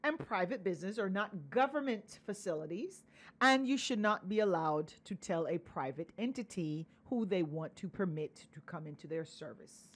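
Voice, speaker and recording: A woman's voice: lowish voice, expressive, moderate pace. A woman co-hosting a podcast, arguing her points firmly in a teasing, casual chat. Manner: assertive, teasing, argues point by point. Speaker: podcast co-host.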